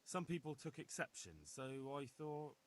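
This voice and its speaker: An actor voicing a hesitant young villager in a video game. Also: male voice, fairly high pitch, expressive, normal speed. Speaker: game character.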